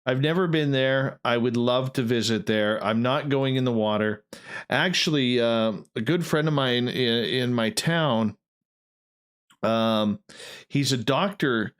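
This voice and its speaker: A man's voice: mid-range voice, measured pace, fairly bright tone, smooth. A man hosting a radio show, chatting casually and rambling with frequent restarts and fillers.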